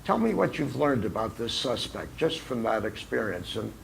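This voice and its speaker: A man's voice: medium pitch, very animated, normal speed, gravelly, slight background noise, low-quality recording. A man giving an informal philosophy lecture full of jokes, rambling and searching for words. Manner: rambling, with many fillers and restarts. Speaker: speaker at a philosophy humor talk. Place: lecture at a college.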